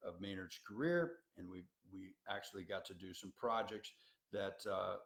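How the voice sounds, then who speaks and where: A man's voice: deep voice, fairly even intonation, normal speed, a bit bright. A man who works as a tour coordinator gives an educational talk to students, in a folksy, emphatic storytelling style full of restarts. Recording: roomy echo.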